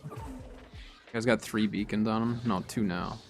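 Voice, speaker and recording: A young man streaming a game, calmly explaining tactics and getting excited in fights. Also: on the low side, unhurried, faint music behind. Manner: relaxed, explains tactics while playing, bursts of excitement in fights. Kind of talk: casual gameplay commentary.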